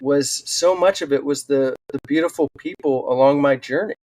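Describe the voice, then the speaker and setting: A man's voice: medium pitch, normal speed. A man who is a podcast guest, telling personal stories earnestly in a casual interview, with plenty of "um"s along the way. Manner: earnest, animated storytelling with fillers. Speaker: podcast guest, wildland firefighter and author.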